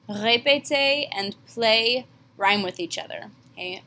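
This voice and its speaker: Bright-voiced woman teaching French phrases. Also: on the high side. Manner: slow, deliberate modeling of French phrases. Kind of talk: classroom lesson.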